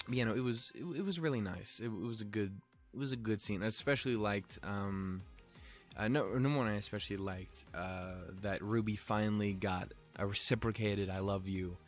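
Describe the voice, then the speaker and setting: A man's voice: lowish voice, a little fast, faint music behind. Cursing, rambling young man reviewing an episode. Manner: profane, filler-heavy, joking. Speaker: show review vlogger.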